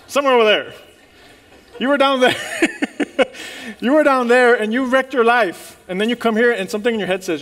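Male pastor, high-pitched, animated preacher who laughs along with his congregation. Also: moderate pace. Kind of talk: sermon.

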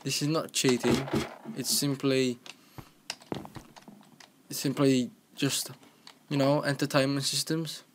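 A young man giving joking, excitable commentary while playing a game, with keyboard clicks in the background. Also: medium pitch, slow pace, pauses often, noisy background. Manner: excitable, joking self-talk. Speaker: gaming commentator. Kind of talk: casual gameplay commentary. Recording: home recording with keyboard clicking.

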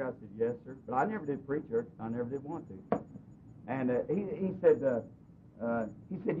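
A man preaching in a church, telling a personal story earnestly, his voice swinging between loud and soft. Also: expressive, a little fast. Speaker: pastor. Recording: dull lo-fi recording with faint hiss and rumble.

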